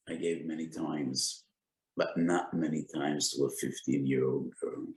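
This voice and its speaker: A man giving a Torah lecture as a rabbi, speaking deliberately and citing sources with Hebrew terms. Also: very deep voice, fairly even intonation, a little mellow, echoey room, poor audio. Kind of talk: Torah lecture on Jewish law.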